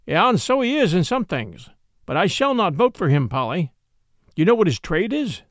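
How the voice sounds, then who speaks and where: A grave working-class cab driver and father, earnest and firm as he lectures his family, read by a man. His lively, rising and falling voice comes across close and dry in a storybook reading. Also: high-pitched, moderate pace, dry recording.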